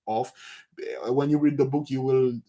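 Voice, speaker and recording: A man's voice: medium pitch, moderate pace. A man leading an informal book study, telling the story with many restarts and asides. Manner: lively storytelling, acting out scenes. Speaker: study group teacher.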